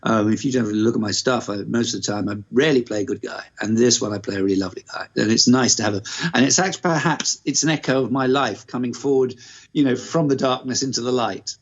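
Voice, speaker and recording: A man's voice: mid-range voice, fast talker. A man from the north-east of England, an actor guest in an interview, talking frankly and rambling, with casual swearing. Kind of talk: candid interview chat. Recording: muffled lo-fi live-stream audio.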